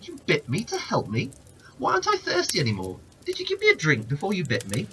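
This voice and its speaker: A frightened desert wanderer stutters out his words in a dry croak, as a man reads him aloud in a storybook. His voice jumps high and uneven, dizzy and worn thin from days without water. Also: wildly swooping pitch, fast, bright, forceful tone, slight background noise, heavily acted. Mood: bewildered. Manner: stammering, croaking and pleading. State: dizzy and weak from thirst.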